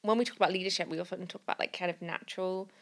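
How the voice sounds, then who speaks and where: A woman's voice: lowish voice, steady tone, racing, a bit bright. A woman co-hosting a podcast, talking candidly and chattily with many filler words. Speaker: podcast co-host and fundraiser. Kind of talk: casual podcast conversation.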